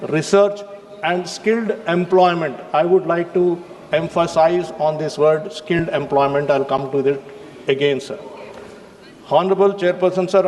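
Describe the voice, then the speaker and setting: A man with an Indian English accent delivers a formal, emphatic parliamentary speech and keeps addressing the chair. His voice sits high for a man. It carries a long reverb from the chamber, over faint background noise. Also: darkish tone. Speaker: member of parliament.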